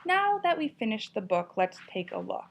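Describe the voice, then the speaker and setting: Very animated and on the high side, a woman teacher reads a children's tale aloud at a moderate pace with plenty of expression. She then encourages the class with questions about it, captured in dull lo-fi sound.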